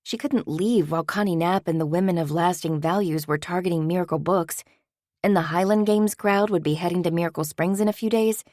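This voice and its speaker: With a fairly low pitch, a woman narrates an audiobook script in an even, measured storytelling style. The clean studio recording has no echo.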